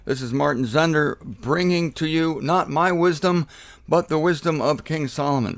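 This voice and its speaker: A man's voice: fairly high pitch, moderate pace. A man giving casual, playful commentary on a Bible verse, repeating words for emphasis. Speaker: Bible teacher. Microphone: camera in a laundry room.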